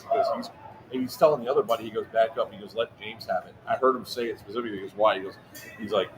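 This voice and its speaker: Fast-talking man with event noise behind. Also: mid-range voice. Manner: animated, profane, acts out quotes in a raised voice. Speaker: livestream co-host telling a story. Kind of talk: casual storytelling chat. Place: outdoor airsoft event.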